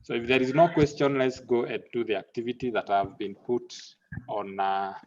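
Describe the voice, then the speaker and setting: A man's voice: mid-range voice, fairly even intonation, slight background noise. Man teaching an online class. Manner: halting, repeats words, mixes in Swahili. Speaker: lecturer. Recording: muffled lo-fi audio.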